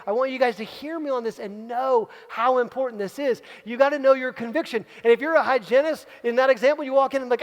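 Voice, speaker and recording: A man with a notably high voice speaks as a leadership coach at a live retreat. He drives his points home by repeating key phrases, in the style of a motivational keynote. His voice rings out in a big hall with a long reverb tail.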